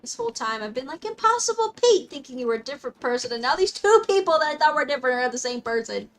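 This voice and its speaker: A bubbly young woman streamer with a fairly high voice chats with her viewers as she plays, easily excited and quick to laugh things off. Soft music plays under her talk. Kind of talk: casual live-stream chat reading comments. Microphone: desk mic, dog close by.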